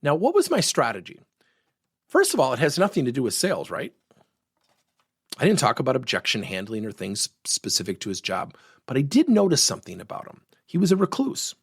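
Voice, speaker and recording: A middle-aged man, a workplace coach, teaching through an animated story and acting out the voices of the people in it. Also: mid-range voice, brisk, husky, dry recording, studio quality. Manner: animated, acts out the voices in his stories.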